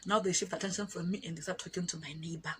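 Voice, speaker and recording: A woman's voice: lowish voice, rapid-fire, a little hiss or hum. Laughing young woman telling a story. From Botswana. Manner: animated, laughing, chatty storytelling. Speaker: YouTuber. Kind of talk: storytime vlog.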